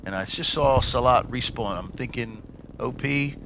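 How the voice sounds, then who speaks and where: A man's voice: mid-range voice, moderate pace, creaky, dull audio, a little hiss or hum. A man casting a live online war game, coaching the teams and bursting into hype calls. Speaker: esports caster. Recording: loud gunfire and artillery from the game behind. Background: game gunfire and explosions.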